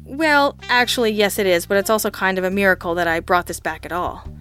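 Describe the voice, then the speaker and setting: Woman reading as deadpan male private eye, audiobook, dry quips, offhand delivery, soft music bed. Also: mid-range voice, brisk, close to an everyday voice. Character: wry, deadpan male detective partner.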